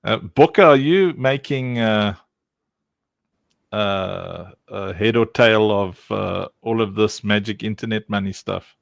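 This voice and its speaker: Slow-talking jokey man host. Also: lowish voice, gravelly, dry recording. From South Africa. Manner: jokey, laughs often. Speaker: stream host. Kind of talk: casual chat.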